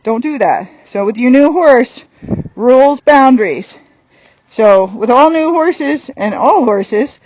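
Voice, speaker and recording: A woman's voice: sits high, expressive, moderate pace, darkish tone, no echo, low-quality recording. A woman horse trainer giving a hands-on lesson while working a horse on the ground, blunt and firm.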